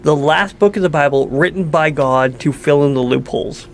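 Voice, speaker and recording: A man with a gravelly, slightly high voice chats casually on a podcast, animated and quick to tease. A faint hum runs under the recording. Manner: animated storyteller, laughs often, teasing. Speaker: podcast co-host. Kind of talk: casual chat.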